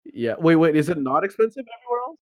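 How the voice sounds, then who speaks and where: A man's voice: on the high side, sing-song, racing, darkish tone, dry recording, studio quality. A young man co-hosting a podcast in casual chat, reacting with incredulous questions. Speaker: podcast co-host.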